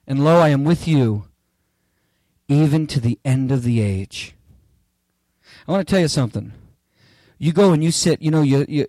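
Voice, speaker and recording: A man's voice: fairly high pitch, no room sound. Emphatic preacher man, dry close sound. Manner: emphatic, repetitive, rising to near-shouts on key phrases. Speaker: pastor. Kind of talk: sermon. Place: church.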